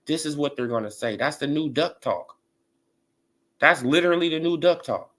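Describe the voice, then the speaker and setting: Man, casual boxing rant, bright tense tone, animated delivery, filler-heavy. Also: fairly high pitch, normal speed. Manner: laughing, animated, repetitive fillers. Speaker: boxing commentator.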